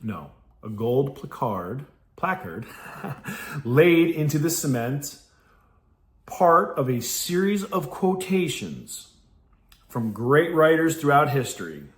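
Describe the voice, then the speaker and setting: Blunt, animated podcast host from New York. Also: male voice, fairly high pitch, takes it slowly. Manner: blunt, profane, laughs often. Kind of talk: reflective casual monologue with read passages. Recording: roomy echo.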